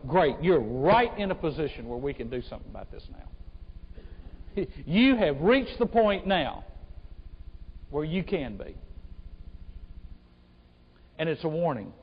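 A male pastor preaching an impassioned sermon, swinging between hushed and loud delivery. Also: on the high side, big pitch swings, measured pace, long pauses, breathy edge. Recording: echoey hall, dull sound.

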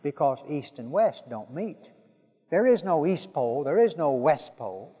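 A man preaching a sermon, telling stories with dramatic pauses and dropping to a hush for emphasis. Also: on the high side, sing-song, breathy edge. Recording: dull sound with long hall reverb.

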